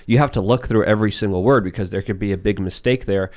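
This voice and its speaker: A man's voice: fairly low pitch, quick pace, a little mellow. A man co-hosting a podcast, speaking earnestly in casual political commentary. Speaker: podcast co-host.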